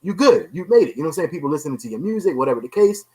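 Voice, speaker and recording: Fast-talking husky man hosting a podcast. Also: a little high, big pitch swings, a little mellow, rough recording. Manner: emphatic, keeps repeating "you know what I'm saying". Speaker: podcast host. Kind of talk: casual podcast chat.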